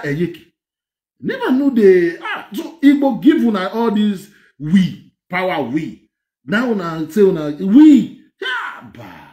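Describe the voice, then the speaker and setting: A man with a Nigerian accent giving animated political commentary on clips. He is excited and mocking, laughs often, and mixes Pidgin with English. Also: high voice, measured pace, echoey room.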